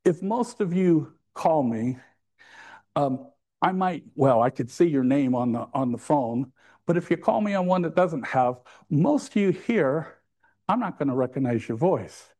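A man preaching a sermon in a church. His voice sits a little higher than most men's. He keeps it conversational and teases the congregation with little jokes along the way. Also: expressive, measured pace, dark tone.

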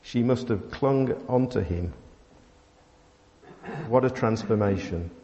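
A man preaching a sermon, telling a family story with many pauses and fillers. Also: mid-range voice, warm tone. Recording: dull sound in a long-reverb hall.

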